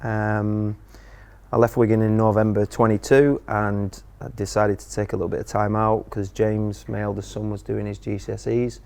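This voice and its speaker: A man's voice: lowish voice, normal speed, creaky, smooth. A man, a guest chatting casually about his work in football. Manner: relaxed, conversational, says "me" for "my". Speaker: studio guest. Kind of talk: casual interview chat.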